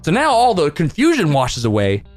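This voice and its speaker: A young man telling a funny story from his youth in a storytime video, animated and joking. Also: on the high side, moderate pace, faint music behind. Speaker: storytime vlogger. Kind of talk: comedic storytime narration.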